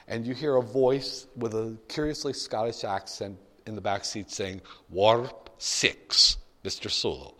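A man's voice: lowish voice, big-room sound. A man lecturing a class in a jokey storytelling way, acting out little scenes. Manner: jokey storytelling, acts out voices.

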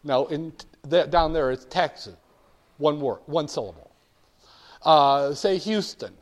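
Older man, from the northern US, fairly high voice, emphatic and wry, storytelling talk. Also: unhurried. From northern United States. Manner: animated, emphatic, wry storytelling with audience call-and-response. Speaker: speaker addressing an audience.

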